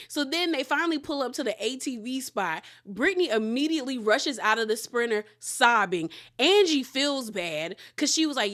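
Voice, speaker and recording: Animated woman recapping reality TV. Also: sits high, moderate pace, few pauses. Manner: animated storytelling, laughing often; acts out quotes in exaggerated voices. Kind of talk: casual recap commentary.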